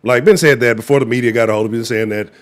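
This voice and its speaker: A man hosting a casual live sports stream, rambling in an animated, slangy and profane way. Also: medium pitch, racing. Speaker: sports show host.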